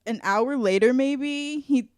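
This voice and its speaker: A woman's voice: sits high, slow, a little mellow, no echo, clean studio sound. A young woman, a podcast guest, telling a story in casual chat, laughing and acting out the people she talks about.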